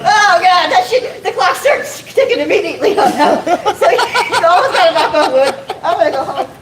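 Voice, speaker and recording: High-voiced woman doing stand-up, bouncy delivery, echoey club heard from far off with noise. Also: animated, a little fast, a loud crowd. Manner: self-deprecating, swearing, laughing at own jokes. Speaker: stand-up comic. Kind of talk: stand-up set. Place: comedy club stage. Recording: echoey room from far off, noisy.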